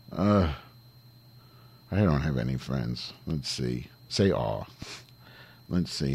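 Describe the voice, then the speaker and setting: Man as vulgar diva host Madge, very low. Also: creaky, a little mellow, husky, full character voice. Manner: profane, irritable, rambling. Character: vulgar irritable talk-show diva Madge Weinstein. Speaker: comedy show host. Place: home, calling through Skype.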